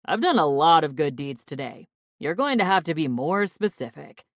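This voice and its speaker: A smug, smirking man , put on by a woman narrator, whose words come out loud and breezy with a self-satisfied chuckle underneath. Low-set voice, dry studio sound. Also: animated, moderate pace, no room sound, lightly acted.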